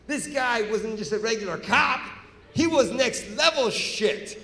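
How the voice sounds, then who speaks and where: A male stand-up comedian telling a story live on stage in an animated, loud way, with shouted bursts. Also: very high-pitched, measured pace. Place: large venue. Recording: echoey hall, live stage.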